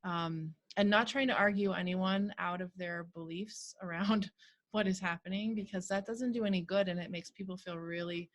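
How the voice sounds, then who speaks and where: A woman who teaches spirituality, co-leading an online healing circle in a thoughtful, measured way with frequent fillers. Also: on the low side, dull audio. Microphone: video call.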